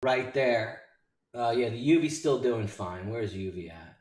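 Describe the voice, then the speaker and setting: A man hosting a live day trading show, excitedly calling out prices and shouting out names from his chat. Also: mid-range voice, measured pace, far from the mic. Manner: hyped, rattling off stock prices and chat names. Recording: roomy sound from off-mic.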